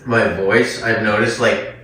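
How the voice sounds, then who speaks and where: A man's voice: fairly low pitch, little pitch movement, a little slow. Rambling crude man on an echoey podcast. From Canada. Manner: rambling, crude, laughs often and loudly. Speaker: podcast host. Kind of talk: crude improvised comedy chat. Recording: roomy echo, mic a bit far off, faint noise.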